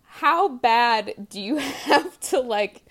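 A woman's voice: fairly high pitch, lively intonation, extremely slow, a bit bright, slight background noise. Female podcast host, giggly, casual chat. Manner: giggly, reads guest intro.

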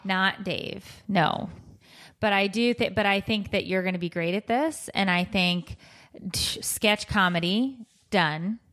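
A woman co-hosting a podcast, encouraging and teasing, quick to reassure her friend. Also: medium pitch, fairly bright tone. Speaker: podcast co-host. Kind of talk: casual chat.

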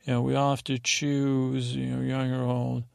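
Gravelly man rambling on a sleep podcast. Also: medium pitch, monotone, normal speed, dry recording, studio quality. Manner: meandering, paraphrases scenes in a casual retelling. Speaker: podcast host.

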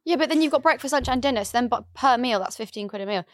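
A woman's voice: fairly high pitch, racing, dry recording, studio quality. Chatty woman podcast host. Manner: animated, chatty. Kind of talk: casual chat. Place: indoor studio room.

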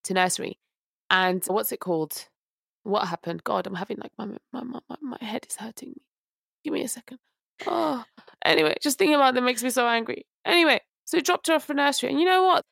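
A woman's voice: on the high side, animated, fast talker, vocal fry, fairly bright tone, no echo, clean studio sound. A young woman, ranting animatedly as a podcast co-host, unwell. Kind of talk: casual chat.

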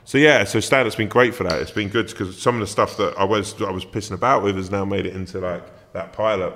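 A man's voice: on the low side, steady tone, quick pace, a bit bright, long reverb tail, a little hiss or hum. A man, a comedian guest in a casual chat, telling anecdotes, swearing freely and laughing through them. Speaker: comedian and actor, podcast guest.

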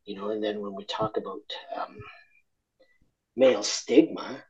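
A man's voice: on the low side, measured pace, darkish tone, dull audio. Reflective Argentine-born man, candid interview. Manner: reflective, honest, many fillers and restarts. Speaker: interview guest.

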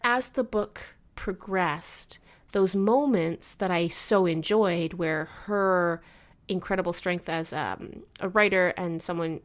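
A woman co-hosting a casual book discussion, chatty and animated, laughing often and filling her talk with "like". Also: on the low side, takes it slowly. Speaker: book podcast co-host.

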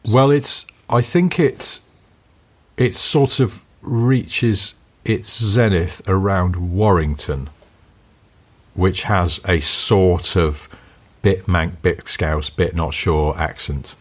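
A man's voice: deep voice, slow pace. A middle-aged man from North West England co-hosting a podcast in casual, teasing chat, laughing often. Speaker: podcast co-host.

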